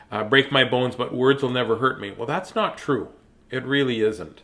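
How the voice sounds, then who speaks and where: A man in the middle of the usual pitch range talks warmly and plainly to children watching at home. He is earnest and gentle, pausing often with filler words. He sounds a little choked up as he speaks. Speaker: children's story reader and host. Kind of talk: reading aloud to kids, then heartfelt talk.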